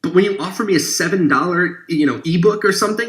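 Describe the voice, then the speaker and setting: A man giving a persuasive webinar pitch to coaches, emphatic and sarcastic as he builds long lists. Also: expressive, quick pace, few pauses. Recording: echoey room.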